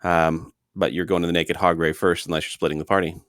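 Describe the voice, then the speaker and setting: A man acting as game master, narrating a tabletop game in a slow, measured way. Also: low-pitched, flat delivery, fairly bright tone, no room sound.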